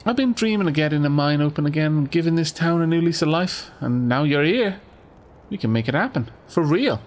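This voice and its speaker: A man's voice: fairly high pitch, lively intonation, a little fast, slight background noise, lightly acted. A man voicing a cheerful, hopeful townswoman with a lilting, storytelling lilt.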